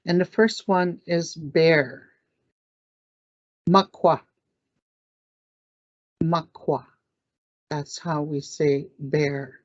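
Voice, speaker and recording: A woman teaching words in a language lesson, saying each word slowly, repeating it, and clearing her throat now and then. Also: low-pitched, fairly even intonation, no echo. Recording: dull lo-fi dry recording.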